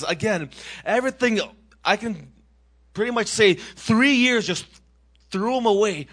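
A young man from Massachusetts gives his personal testimony in an earnest, animated storytelling voice. His voice sits a little high for a man, and he often breaks off and restarts his sentences. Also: unhurried, long pauses. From Massachusetts, USA.

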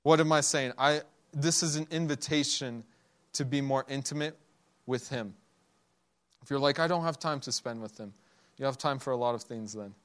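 Speaking at normal speed in a medium-pitched, slightly bright voice, a young man gives a sermon in a conversational style. He laughs often and performs the quotes of the characters in his stories.

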